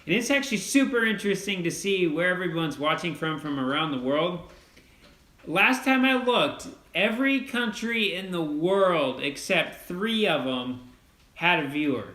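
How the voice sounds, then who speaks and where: A young man hosting a casual farm livestream, upbeat and quick as he thanks donors by name. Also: high voice, expressive, bright, forceful tone. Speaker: channel host reading donations. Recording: roomy echo.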